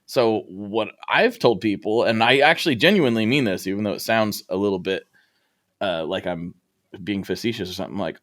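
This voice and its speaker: A middle-aged podcast host with a fairly low, slightly bright voice tells his story briskly and reflectively in a casual interview chat. He acts out the thoughts he had back then.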